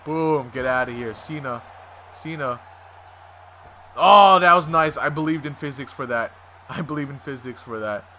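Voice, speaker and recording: A man commentates on his own video game match with excitable energy, swearing freely and yelling at the screen. His voice is bright and sits a little high. Faint background noise runs under the recording. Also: normal speed, pauses often. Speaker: gaming commentator. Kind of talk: excited let's-play commentary.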